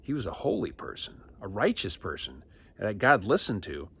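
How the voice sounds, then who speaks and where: Lively man telling a Bible story. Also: on the low side, normal speed, gravelly, slightly rough. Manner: lively, acts out characters and sound effects. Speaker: children's church teacher. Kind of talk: animated Bible storytelling for kids.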